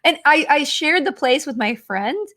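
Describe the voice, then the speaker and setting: A woman's voice: sits high, lively intonation, normal speed, sharp tone. A woman in her forties hosting a podcast, telling rambling, self-mocking stories in casual chat. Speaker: podcast host.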